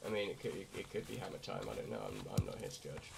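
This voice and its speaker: A young man from Britain, hoarse and croaky from a night of drinking, rambling crudely through casual gameplay commentary. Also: low voice, big pitch swings, very fast, over loud music. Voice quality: raspy, croaky. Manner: rambling, crude, self-mocking. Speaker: gamer. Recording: loud background noise.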